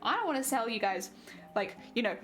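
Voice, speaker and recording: A woman's voice: a little high, big pitch swings, a little fast, a bit bright, soft background music. A young woman streaming, chatting playfully with her viewers while she crafts, often giggling.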